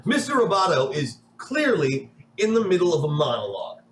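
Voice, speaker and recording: Man, game master, playful narration, rambling, slightly high voice, echoey room. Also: huge pitch swings, fairly quick, fairly bright tone, slight background noise.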